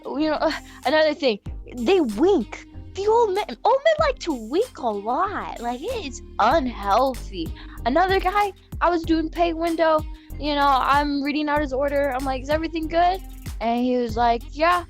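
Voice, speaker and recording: A young woman on a casual podcast, telling a story in an animated rant full of swearing. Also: sits high, moderate pace, faint music behind. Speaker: podcast panel member.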